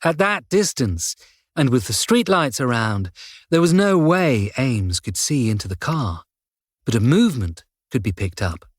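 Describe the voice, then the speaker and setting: A man narrating a crime thriller audiobook in a measured, steady way. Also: medium pitch, no echo, studio quality. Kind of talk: scripted narration.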